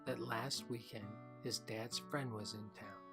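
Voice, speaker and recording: A man's voice: on the low side, steady tone, unhurried, music in the background. A man voicing a nervous, hesitant young boy in a children's audiobook. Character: worried young boy confiding in his parents.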